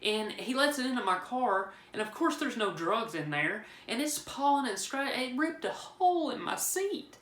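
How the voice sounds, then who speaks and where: A man's voice: very high voice, very animated, normal speed, hardly any pauses, pushed and bright. Joking man telling a story. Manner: rambling, joking, with frequent restarts. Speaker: vlogger telling a personal story. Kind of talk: casual storytelling. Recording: roomy echo.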